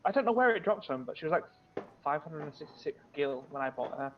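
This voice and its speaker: A man's voice: fairly high pitch, animated, quick pace. A man chatting casually with a friend over voice chat while gaming. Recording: dull lo-fi voice chat with faint noise.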